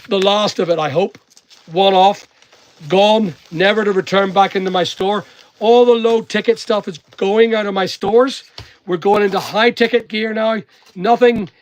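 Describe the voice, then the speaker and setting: Man, mixed English and Northern Irish accent, high-pitched, rambling motivational chat, casual live-stream vlog. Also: a little hiss or hum. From Northern Ireland. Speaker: online seller and vlogger.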